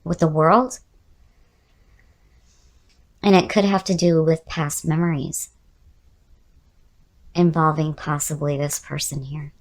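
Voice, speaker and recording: A woman giving a casual tarot reading who is losing her voice and sounds hoarse. She muses aloud, repeats key words and speaks straight to the viewer. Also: low voice, steady tone, slow pace, pauses often. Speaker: tarot reader.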